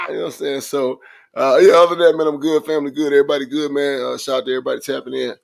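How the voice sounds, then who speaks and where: A man co-hosting a casual sports podcast, his voice hoarse and raspy from shouting, talking laid-back and filling gaps with "you know what I'm saying". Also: mid-range voice, level tone, rapid-fire. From Phoenix area. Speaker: podcast co-host.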